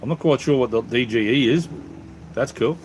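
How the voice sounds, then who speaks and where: Streaming live from home, this Australian channel host reads out chat messages and chats cheerfully, addressing viewers as mate and brother. He has a mid-range, slightly mellow voice at a normal speed, with a little hiss or hum on the audio.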